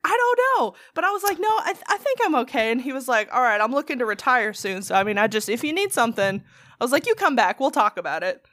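Woman co-hosting a podcast, chatty and animated, laughs a lot, cusses casually. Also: on the high side, quick pace, dry recording. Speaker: podcast co-host. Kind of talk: casual storytelling chat.

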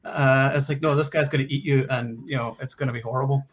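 A man's voice: medium pitch, steady tone, quick pace, a little hiss or hum. A man in a casual movie discussion, easygoing with frequent fillers. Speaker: podcast panelist.

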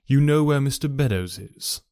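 A man voicing an older country gentleman host, hearty but guarded, in a storybook reading. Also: mid-range voice, lively intonation, normal speed, clean tone, no room sound, studio quality, pitched above the performer's own voice, natural voice. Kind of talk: audiobook character voice.

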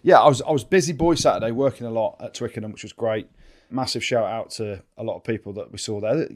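A man's voice: on the low side, fast. An English man co-hosting a rugby podcast, telling stories in casual chat and swearing freely. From England. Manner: chatty storyteller, swears freely. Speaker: co-host, former rugby player.

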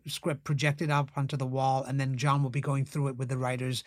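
A man's voice: mid-range voice, fairly quick, no room sound, studio quality. A middle-aged actor guest in a casual interview, telling stories with lots of fillers and acting out the voices he quotes. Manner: animated, acts out quoted voices, many fillers.

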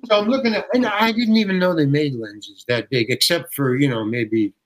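An older man tells a story with real showmanship, acting out the other characters as he goes. His voice sits a little higher than most men's. He often stumbles and restarts mid-sentence, but keeps the tale rolling. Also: fairly quick, poor audio. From United States. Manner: lively storyteller who acts out quoted voices, with frequent restarts. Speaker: guest actor telling stories. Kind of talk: animated anecdote telling.

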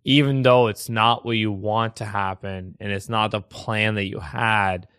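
Un comédien à la voix douce et nette. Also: male voice, on the low side, unhurried, clear, resonant tone, dry recording, studio quality. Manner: animated storytelling, acts out quotes. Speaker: comedian guest. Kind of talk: casual storytelling on a podcast.

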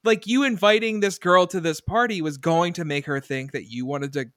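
A young man co-hosting a podcast in casual chat, animated and exasperated, swearing freely. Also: high voice, normal speed, dry recording, studio quality. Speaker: podcast co-host.

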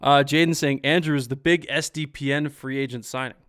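A man's voice: mid-range voice, fairly even intonation, a little fast, a bit bright, smooth. A man hosting a casual post-game hockey stream, reading viewer comments in an upbeat, chatty way. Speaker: podcast host.

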